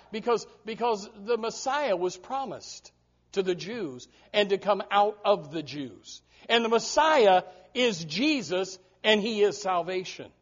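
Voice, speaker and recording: An American preacher delivers an emphatic sermon to a congregation in church, often repeating words as he starts over. His voice is high and slightly bright. The recording is dull and lo-fi.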